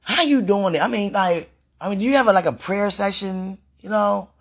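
A woman's voice: medium pitch, normal speed, breathy edge. A woman vlogging in a casual, rambling monologue, sighing and repeating herself as she pleads aloud to God.

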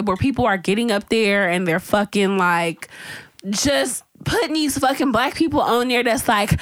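A woman's voice: a little high, no room sound. A woman co-hosting a podcast, ranting in casual chat with heavy swearing and mocking impressions. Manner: ranting, profane, mimics voices for laughs. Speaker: podcast co-host.

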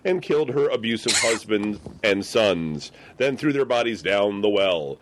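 Male co-host reading a haunting write-up aloud, lively pitch, faint noise underneath. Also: unhurried. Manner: reads text with offhand asides. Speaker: podcast co-host reading a ghost story.

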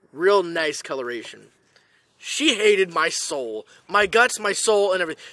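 A man with a bright, high voice tells a comic story, swinging his pitch wildly. He is profane and animated and swears at every turn. The sound is dry and close. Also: no room sound. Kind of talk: comedic storytelling.

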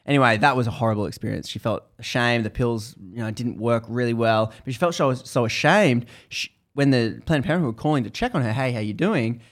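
A man's voice: mid-range voice, fairly quick, few pauses. A man hosting a podcast, casually retelling a book's story in a loose, rambling way with many restarts.

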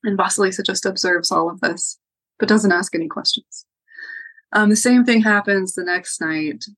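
A woman retelling a folktale as a podcast guest, relaxed with frequent ums and likes. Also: medium pitch, normal speed, no echo, poor audio. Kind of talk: casual oral storytelling.

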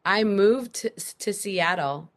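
A woman guest on a podcast, telling a personal story in an animated, emphatic way. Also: medium pitch, slow. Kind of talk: casual storytelling interview.

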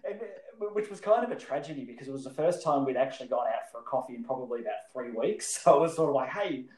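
A man's voice: medium pitch, quick pace, a little mellow. A man telling a story as a podcast guest, rambling with many fillers and frequent laughter. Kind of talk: casual storytelling. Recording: roomy echo.

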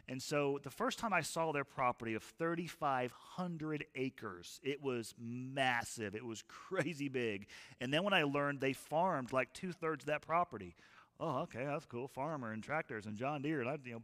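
A man preaching a sermon as a pastor, telling stories in an animated, folksy way. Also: mid-range voice, in a large hall.

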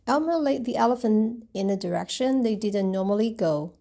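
A woman reading a picture book aloud and retelling each page gently. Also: fairly high pitch, animated, moderate pace, vocal fry, few pauses. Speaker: storybook reader.

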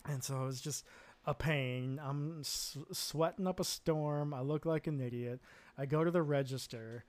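A man's voice: a little high, moderate pace. An American man hosting a casual solo podcast, telling stories in a rambling, self-deprecating way with frequent chuckles and fillers. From United States. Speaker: podcast host.

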